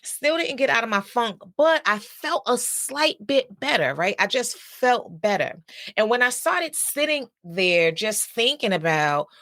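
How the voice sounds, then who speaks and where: Middle-aged lady telling a story, bright voice, dry close sound, lots of likes and rights. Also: a little high, sing-song, unhurried, no echo. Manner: chatty, personal, lots of fillers and asides. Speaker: counselor and podcast host. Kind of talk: casual storytelling monologue.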